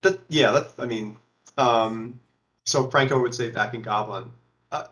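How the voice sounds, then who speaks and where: A man playing a tabletop game in character, halting and hunting for names as he talks. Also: mid-range voice, fairly bright tone. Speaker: player. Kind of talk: casual in-character play.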